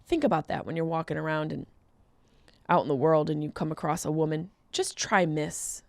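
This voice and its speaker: A woman comedian hosting her podcast, talking casually and jumping into high, loud exclaims. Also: normal speed, dry recording, studio quality. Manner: animated, jumps into high exclaims.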